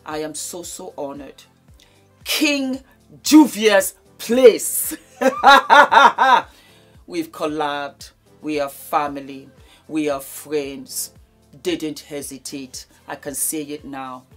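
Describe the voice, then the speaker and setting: A woman in her fifties, a beauty vlogger, delivers an emotional thank-you speech, gushing and repeating her gratitude again and again. Her voice is low with little pitch movement and a slow pace, and faint music plays in the background.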